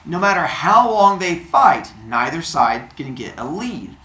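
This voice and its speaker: A man telling a silly myth story playfully, animated, with made-up sound effects. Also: on the high side, measured pace. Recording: roomy echo.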